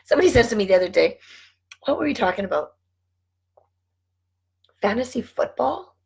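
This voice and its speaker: Chatty, husky middle-aged woman. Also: medium pitch, expressive, very fast, poor audio. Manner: chatty, laughs often, rambling asides. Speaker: vlogger and network marketing team leader. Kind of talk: casual chat to camera.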